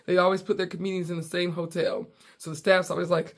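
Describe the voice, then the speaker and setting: A woman's voice: lowish voice, fast talker, gravelly. A woman from the United States, a comedian and podcast host, telling a story in a casual, playful way and acting out the dialogue. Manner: animated, playful, acts out dialogue.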